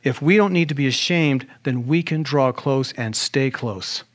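A male pastor delivers a sermon in a lively way, firing off rhetorical questions and dropping in humorous asides. His voice sits at an ordinary middle pitch for a man. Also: unhurried.

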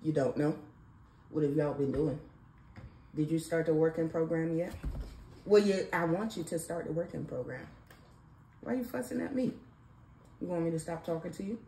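A woman's voice: low voice, moderate pace, pauses often, mellow. A woman and mother chatting casually and teasingly with her son at home in the morning, recorded on a phone. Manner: playful, teasing, sing-song. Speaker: mother and vlog host. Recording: echoey room, faint background noise.

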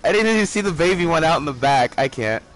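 A man's voice: on the high side, quick pace. Cursing man streaming a hunting game. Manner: profane, excitable, laughs often. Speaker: gaming streamer. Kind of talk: casual live gameplay chat.

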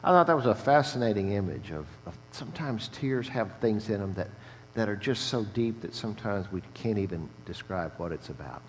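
A man's voice: on the low side, lively intonation, fairly quick. Older man preaching earnestly in a reverberant church. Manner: earnest, storytelling, frequent "uh" fillers and restarts. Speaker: guest preacher, chaplaincy director. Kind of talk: conversational sermon. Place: church sanctuary. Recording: long church reverb, faint hum.

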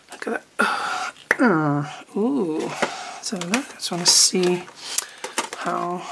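A woman chatting casually while unboxing art supplies, rambling and often trailing off mid-sentence. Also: mid-range voice. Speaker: art teacher. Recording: noticeable background noise.

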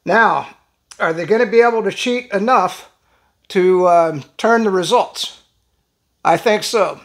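A man hosting a political commentary channel, talking in a blunt, emphatic and alarmed way. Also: high voice. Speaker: channel host.

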